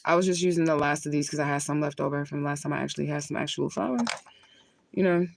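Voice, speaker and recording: Deep, steady, and fast, with vocal fry, a woman's voice carries a casual livestream with no echo. She's a spiritual reader who rambles and curses, laughing often and talking while she lights and smokes between thoughts.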